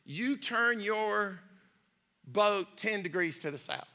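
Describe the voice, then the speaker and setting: A preacher voicing a calm low-ranking signal man. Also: takes it slowly, long reverb tail, exaggerated voice. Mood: matter-of-fact. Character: low-ranking male signal operator, matter-of-fact.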